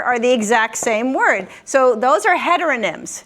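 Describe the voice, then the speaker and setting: A woman's voice: a little high, animated, a little slow, few pauses, fairly bright tone. A woman hosting a live word game for seniors, patiently giving clues and repeating the answers back. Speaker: quiz host. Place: common room of a senior-living community.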